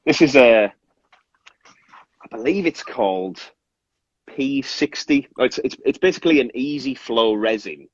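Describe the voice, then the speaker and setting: A man's voice: mid-range voice, animated, measured pace, long pauses, dry recording, lo-fi sound. A man explaining his resin work in casual interview chat, rambling with fillers and restarts. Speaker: resin artist guest.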